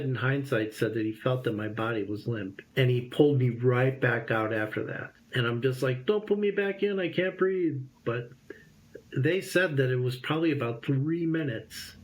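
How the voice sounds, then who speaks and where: A man in his fifties, a guest telling a personal story in an interview, lively and acting out the voices he remembers. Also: mid-range voice. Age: 50s.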